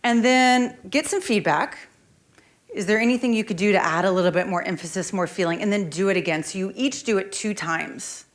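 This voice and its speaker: A woman presentation coach leading a conference workshop, lively and speaking straight to the audience. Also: medium pitch, fairly quick. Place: conference room.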